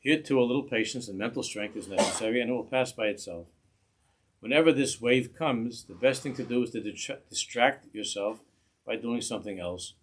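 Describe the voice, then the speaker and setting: A man giving a religious lesson in a measured way, often repeating phrases as he searches for words. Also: fairly low pitch, husky. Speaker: religious teacher. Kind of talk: instructional talk to parents.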